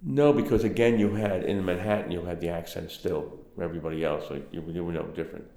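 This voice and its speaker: Old brooklyn guy rambling, gravelly low voice, echoey room. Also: fast talker, warm tone. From Brooklyn, New York. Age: older. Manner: rambling, anecdotal, many fillers. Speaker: interviewee. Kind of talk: oral history interview.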